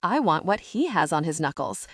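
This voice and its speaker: A woman's voice: low-pitched, very animated, normal speed, husky, dry recording, clean studio sound, full character voice. A woman voicing a playful, giggly young woman in a romance audiobook.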